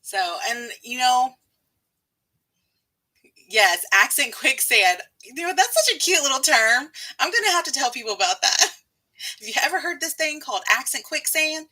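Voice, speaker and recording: Bright-voiced giggly Texan woman. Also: sits high, big pitch swings, moderate pace. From Texas. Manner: giggly, chatty, frequent laughter. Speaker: livestream host. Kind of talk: casual live-stream chat.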